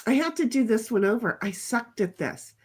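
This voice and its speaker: A woman's voice: on the high side, lively intonation, moderate pace, husky. A woman co-hosting a casual chat stream, joking and reading out viewer comments in drawled voices, talking into a desk mic. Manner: chatty, jokey, puts on drawling voices for commenters. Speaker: co-host of a chat livestream.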